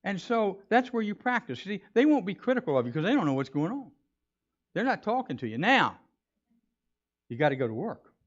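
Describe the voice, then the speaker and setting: A man's voice: high voice, sing-song, brisk, dull audio. A man preaching a sermon as pastor, in a conversational, joking way.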